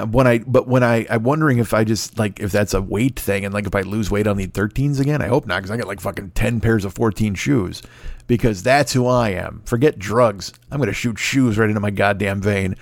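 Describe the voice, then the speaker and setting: A man hosting his podcast alone from home, rambling quickly with plenty of swearing, cracking himself up. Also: on the low side, gravelly, no echo. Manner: rambling, profane, fast-talking and self-amused. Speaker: podcast host. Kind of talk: solo casual monologue. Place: home recording setup. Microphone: close mic.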